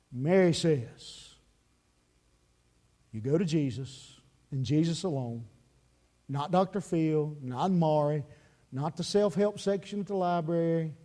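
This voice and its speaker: A male pastor delivers a sermon in a church sanctuary. His voice sits high for a man, and he moves from forceful emphasis to soft, hushed appeals. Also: a little slow. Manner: emphatic, swinging from loud to hushed.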